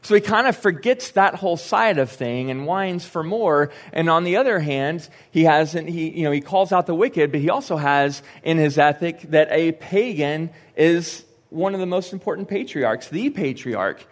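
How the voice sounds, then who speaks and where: A man's voice: fairly high pitch, animated, moderate pace, few pauses. A young man preaching a sermon in a church, speaking in a conversational way with joking asides and quoted lines acted out. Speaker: pastor. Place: church sanctuary.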